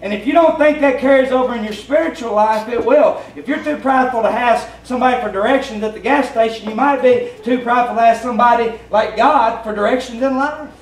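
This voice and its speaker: A Tennessee pastor with a Southern US accent and a very high voice preaches a plainspoken, folksy, conversational sermon in a church sanctuary. He speaks a little fast with few pauses. A distant mic gives a roomy church sound with a faint hum.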